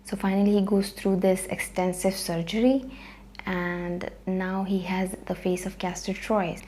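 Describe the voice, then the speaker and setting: Woman vlogger, casual movie recap, lots of ums and uhs, warm mellow tone. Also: mid-range voice, flat delivery, measured pace, slight background noise. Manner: chatty, frequent ums and uhs.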